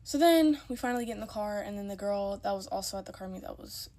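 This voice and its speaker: A woman's voice: medium pitch, expressive, fast talker, mellow, slight background noise. A young woman telling a story in a casual, emphatic way, repeating herself when worked up.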